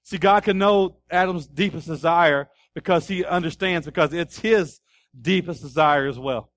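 A man preaching a sermon as pastor, animated, asking the congregation questions and acting out scenes. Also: fairly high pitch, moderate pace, no echo, clean studio sound. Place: church.

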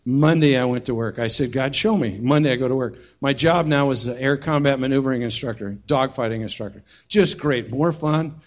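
A middle-aged man preaching a sermon as pastor, telling a personal story and swinging from hushed to shouting. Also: medium pitch, brisk, hardly any pauses.

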